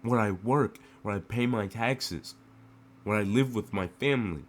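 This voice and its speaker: A man's voice: fairly low pitch, a little slow. A man from the United States giving an emotional political rant to the camera, full of rhetorical questions and repeated phrases.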